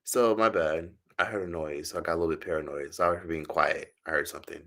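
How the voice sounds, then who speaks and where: A man's voice: extremely low pitch, steady tone, fast, sharp tone. A man from the United States chatting casually on a livestream, rambling and swearing as he tells stories. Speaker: streamer.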